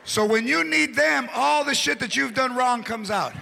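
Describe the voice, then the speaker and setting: A man doing a stand-up comedy set, animated storytelling mixed with Spanish words. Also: very high-pitched, normal speed, gravelly, a little hiss or hum.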